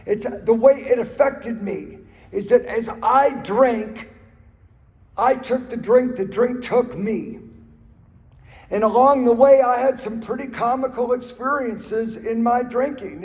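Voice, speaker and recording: A man's voice: very high voice, measured pace, a little mellow. A man giving an earnest personal recovery talk, telling stories and repeating phrases for emphasis. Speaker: speaker sharing his recovery story. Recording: reverberant hall recording.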